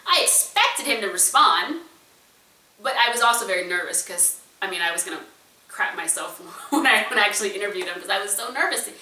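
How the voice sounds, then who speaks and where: A woman entrepreneur and speaker telling a personal story to an audience in an animated, conversational way. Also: medium pitch, fairly quick, far from the mic, background noise. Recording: roomy echo, voice a bit away from the mic.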